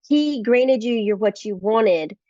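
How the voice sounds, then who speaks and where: A woman's voice: fairly high pitch, animated, slow, dark tone, dry recording, muffled recording. A middle-aged woman, a guest author, telling family stories in earnest in a podcast interview and acting out the dialogue.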